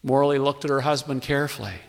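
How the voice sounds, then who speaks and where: A man's voice: medium pitch, fast talker, vocal fry. A man telling a humorous story on stage with wry, playful emphasis. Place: theatre stage with live audience. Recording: long hall reverb, live stage.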